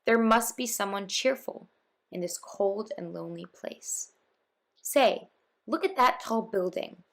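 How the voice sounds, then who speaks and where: Woman voicing a gentle coaxing jester. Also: mid-range voice, measured pace, creaky. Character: kind, hopeful male court jester.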